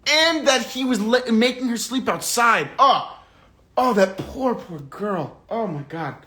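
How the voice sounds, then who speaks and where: A man hosting a livestream book club, talking through the book and reading out viewer comments in a casual, animated, indignant way with slang and swearing. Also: extremely high pitch, a little slow.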